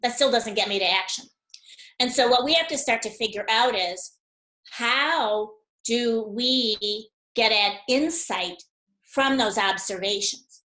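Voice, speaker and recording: A woman guest on a webinar, explaining ideas through an animated story and acting out the dialogue as she goes. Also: a little high, a little slow, reverberant, poor audio. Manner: animated storyteller who acts out dialogue, with frequent laughs.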